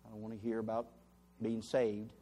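A preacher acting out a furious sailor husband. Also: male voice, fairly low pitch, completely flat delivery, normal speed, a little hiss or hum, lightly acted. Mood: curt. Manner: curt, threatening, shouting. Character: angry hard-drinking sailor husband, man.

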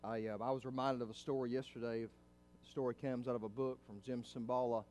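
A middle-aged male pastor preaching a sermon in a church, swinging from hushed, low passages up to loud, fervent climaxes. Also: level tone, fairly quick, slight background noise.

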